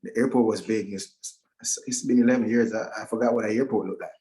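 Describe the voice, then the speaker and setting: Brief: middle-aged man with a lowish voice, telling his own story haltingly and emotionally on a video call. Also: steady tone, dark tone. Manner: emotional, halting, with many restarts. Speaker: guest speaker at a virtual event. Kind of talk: personal testimony.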